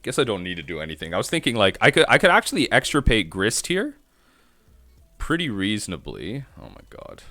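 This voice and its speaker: A man's voice: lowish voice, very animated, a little fast, bright, forceful tone, no echo, faint music behind. A man streaming a card game, thinking aloud in rambling self-talk as he plays. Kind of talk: live-stream gameplay commentary.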